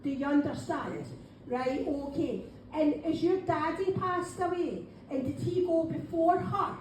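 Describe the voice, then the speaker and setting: A woman's voice: sits high, unhurried, a little mellow. Scottish lady medium doing readings, chatty, calls folk darling, really echoey room. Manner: chatty, keeps saying "right, okay", calls people darling. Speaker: spiritual medium. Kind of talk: live mediumship demonstration to an audience. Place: function room of a local pub. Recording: very echoey room, faint background noise.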